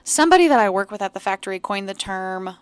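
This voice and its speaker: A woman's voice: mid-range voice, lively intonation, quick pace, smooth, no room sound. A young woman, a chocolate shop worker, chatting as a radio guest in a friendly, upbeat way and laughing easily. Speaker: chocolate store employee guest. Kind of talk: casual interview chat.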